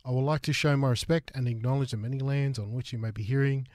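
An Australian man hosts a music show from a radio studio, sounding a bit out of breath. He talks in a halting way with plenty of filler sounds. His voice sits at an ordinary middle pitch, and the studio mic is close and dry. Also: fairly even intonation, darkish tone, no room sound. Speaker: radio host.

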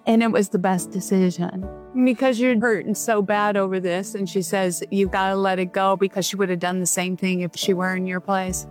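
A woman hosting a call-in radio show as a psychic medium, giving gentle, reassuring readings to callers. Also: medium pitch, normal speed, hardly any pauses, faint music behind. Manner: warm reassuring, relays messages in a gentle steady flow.

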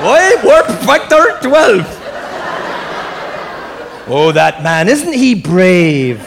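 A man doing a garbled, exaggerated, shouty impression of a flustered Scottish starship engineer. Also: fairly high pitch, big pitch swings, slow pace, vocal fry, heavily acted. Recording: live club, crowd laughter and noise.

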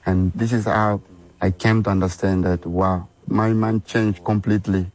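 Man, yoga teacher, fairly low voice, earnest, short simple phrases, documentary interview. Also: fairly even intonation, moderate pace, a little mellow, rough recording.

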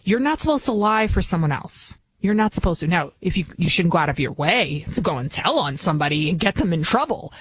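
A woman's voice: lowish voice, big pitch swings, a little fast, hardly any pauses, husky, low-quality recording. A woman with a Bronx New York accent hosting a talk radio show, chatty and emphatic, often restarting her sentences. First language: not English. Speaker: guest radio host.

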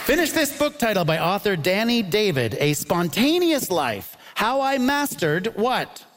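A man hosting a live comedy panel show, upbeat and punny, quick to laugh at his own jokes. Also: sits high, very animated, some chatter behind. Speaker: game show host. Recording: noisy live audience recording. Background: audience laughter.

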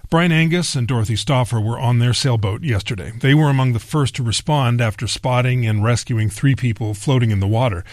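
A male news anchor reads a scripted lead-in. His delivery is steady and formal at a middle pitch. The sound is dry and close. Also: brisk, hardly any pauses, no room sound.

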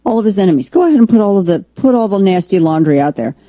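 A woman's voice: mid-range voice, lively intonation, rapid-fire, warm tone, dry recording. A woman hosting a political commentary show, opinionated and rambling, with frequent restarts. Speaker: podcast host.

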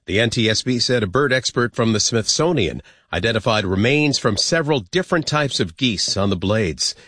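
A man anchoring a radio newscast with a brisk, even news read. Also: medium pitch, no echo, clean studio sound.

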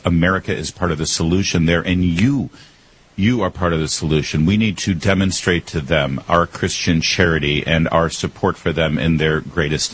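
A man hosting a talk radio show, brisk and lively, his pitch climbing when he gets worked up. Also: a little hiss or hum, poor audio. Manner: brisk, rising pitch when excited, laughs easily.

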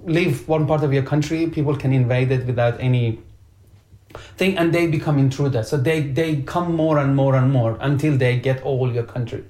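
A man's voice: medium pitch, moderate pace, dark tone. A man co-hosting a casual conversation, a father explaining his views earnestly with analogies and frequent stammered repeats. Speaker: podcast co-host and father. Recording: roomy echoey room.

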